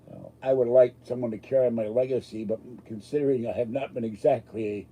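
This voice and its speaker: A man's voice: medium pitch, fairly even intonation, brisk, mellow, breathy edge, poor audio. A man hosting a live stream, chatting casually with a rambling, self-deprecating, joking manner. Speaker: livestream host answering chat.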